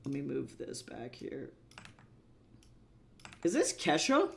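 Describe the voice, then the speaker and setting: A man's voice: mid-range voice, huge pitch swings, takes it slowly, gravelly, slight background noise. Self-mocking man chatting while he draws. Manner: rambling, self-deprecating, thinks aloud. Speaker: webcomic artist streaming. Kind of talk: casual livestream chat while drawing.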